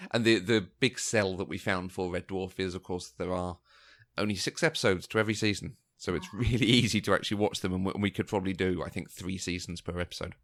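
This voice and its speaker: Male co-host, low-ish register, relaxed chatty delivery with frequent chuckles. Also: fast talker. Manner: chuckles often between remarks. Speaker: podcast co-host. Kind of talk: casual chat and show announcements.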